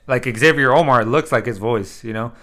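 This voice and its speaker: A man's voice: mid-range voice, moderate pace, pushed and bright. A man co-hosting a podcast, chatting casually and rambling with lots of fillers and swearing. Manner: loose, rambling, swears freely, many fillers. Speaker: podcast co-host. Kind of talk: casual chat.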